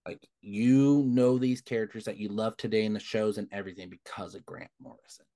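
A man's voice: on the low side, fairly quick. A young man co-hosting a podcast, telling stories in casual chat and acting out what others said. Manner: relaxed storyteller, acts out quoted dialogue. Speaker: podcast co-host.

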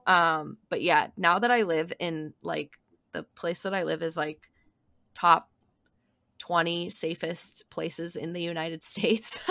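A woman's voice: on the low side, fairly even intonation, slow pace, gravelly, sharp tone, dry recording, clean studio sound. A young woman chatting casually on a podcast, laughing often and acting out quoted lines. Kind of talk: casual chat.

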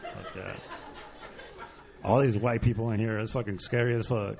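A man's voice: on the low side, steady tone, moderate pace, gravelly, background noise. A Mexican-American man doing a brash, profane stand-up comedy set on a club stage before a live audience. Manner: profane, brash punchline delivery.

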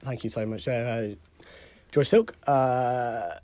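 A man's voice: medium pitch, fairly even intonation, slow, warm tone, a little hiss or hum. A man hosting a podcast with a cold that makes him sound nasal. He introduces guests eagerly and often repeats words. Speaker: podcast host. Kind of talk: casual podcast chat.

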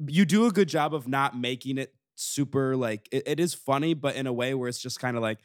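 A man's voice: medium pitch, a little fast, no room sound, clean studio sound. A man co-hosting a casual chat, frank and blunt with some swearing.

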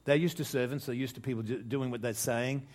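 A man's voice: medium pitch, fairly even intonation, a little fast, a little mellow. An older man preaching a conversational sermon to his congregation, restarting phrases and asking rhetorical questions. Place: church, speaking to a congregation.

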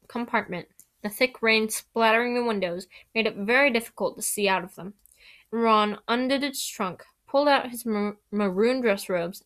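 Woman reading a novel aloud, slightly high voice, lively delivery with restarts. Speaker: reader.

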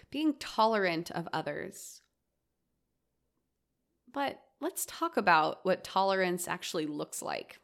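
A woman hosting a solo podcast, talking earnestly and reflectively and acting out her own quoted lines. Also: mid-range voice. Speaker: host.

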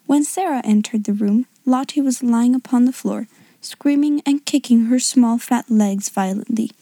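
A woman reading a classic novel aloud as an audiobook narrator, in an even, measured manner. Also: on the high side, no echo. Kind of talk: scripted narration.

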